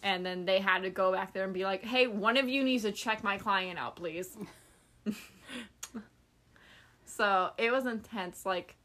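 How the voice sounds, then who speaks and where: A woman's voice: medium pitch, measured pace, long pauses. A woman podcast host casually telling a story, acting out the people she quotes and swearing offhandedly. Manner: animated, acts out quoted people.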